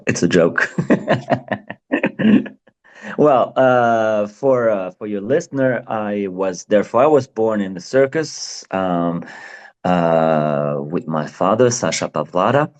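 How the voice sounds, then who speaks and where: A deep-voiced man with a French accent speaks in a relaxed interview. He is a native French speaker, and his English is halting, full of pauses and fillers as he searches for words. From France. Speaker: clown and circus performer. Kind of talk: casual interview chat.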